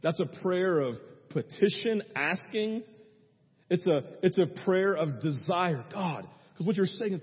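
A high-pitched, husky man preaches to his congregation, keeping it loose and chatty with constant check-ins. His voice rings through a big echoing hall. The sound is dull and lo-fi. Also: lively intonation, measured pace. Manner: conversational, with frequent "right?" asides. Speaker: pastor. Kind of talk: sermon.

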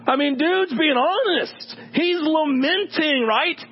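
A man preaching a sermon in an animated, joking way, acting out the voices of people he quotes. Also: extremely high pitch, moderate pace, few pauses, breathy edge. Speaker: pastor. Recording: dull sound with faint hum.

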